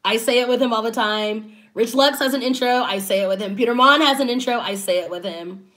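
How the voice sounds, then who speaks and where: A woman's voice: fairly high pitch, brisk, a bit bright. A woman giving casual, chatty commentary as a YouTuber, laughing often between her points.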